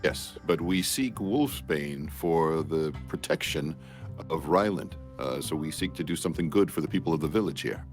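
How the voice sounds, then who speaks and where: Low male voice, formal role-play player, courtly phrasing. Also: expressive, moderate pace, soft background music. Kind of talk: in-character tabletop role-play.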